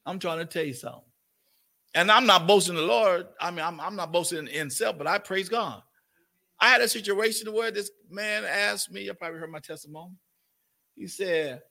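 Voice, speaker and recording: A man's voice: sits high, moderate pace, gravelly, pushed and bright. A male pastor preaching a sermon with emphasis, often asking the congregation questions.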